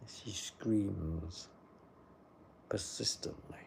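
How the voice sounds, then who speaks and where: A man's voice: low-pitched, takes it slowly, gravelly, pauses often, mellow, husky. An older man who chats in a casual, dry and rambling way as he answers live comments into a phone. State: sleepy, yawning. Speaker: livestream host.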